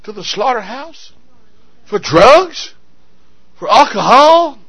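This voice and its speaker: A man's voice: extremely high pitch, sing-song, slow pace, a bit bright, slightly rough. A male pastor preaching a sermon, telling a story dramatically and calling out to the congregation. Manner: dramatic storytelling, call-and-response.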